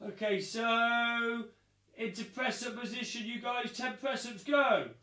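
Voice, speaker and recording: A man teaching a live online taekwondo class for young children, upbeat and encouraging, loudly calling out counts. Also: very high-pitched, measured pace. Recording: echoey room.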